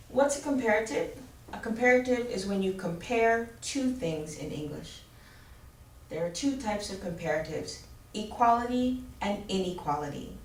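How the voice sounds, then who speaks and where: A woman teaching an English grammar lesson, explaining slowly and clearly and spelling out letters. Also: medium pitch. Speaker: ESL teacher. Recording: roomy, distant mic with faint ambience.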